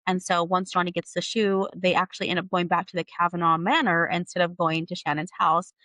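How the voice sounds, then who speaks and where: A woman's voice: fairly low pitch, level tone, pushed and bright, no room sound. A woman co-hosting a podcast, recapping the plot in a casual way with many fillers. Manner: quick recap with many fillers like "like" and "you know". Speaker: podcast co-host.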